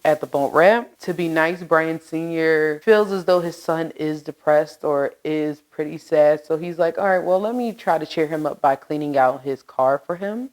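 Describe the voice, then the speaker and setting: A woman's voice: on the low side, low-quality recording. A woman hosting a true crime channel, telling a case in casual, chatty commentary, swearing and laughing at her own asides.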